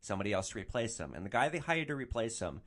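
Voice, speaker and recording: A man's voice: on the low side, fast talker. Young guy ranting on his podcast, swears a lot, voice jumps all over the place. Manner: ranting, animated, swears freely. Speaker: podcast host. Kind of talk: solo podcast storytelling.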